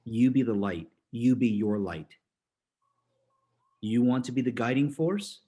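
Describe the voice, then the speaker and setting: A man giving an upbeat motivational talk at an ordinary middle pitch. He laughs often and slips into little character voices as he tells his stories. His delivery swings between fast bursts and slow, stressed words. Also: warm tone, slightly rough. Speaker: motivational speaker.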